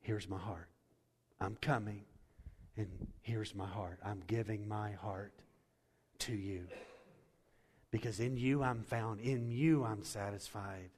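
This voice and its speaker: Man, pastor, sermon, soaring then hushed delivery, long hall reverb. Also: on the low side, steady tone, slow, long pauses, a little hiss or hum. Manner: preaching with wide swings from loud and soaring to hushed.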